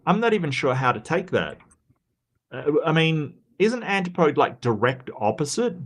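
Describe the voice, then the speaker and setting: A man's voice: fairly high pitch, big pitch swings, normal speed, a bit bright. An Australian man hosting a casual live stream, reading viewer comments aloud and rambling through replies with frequent restarts.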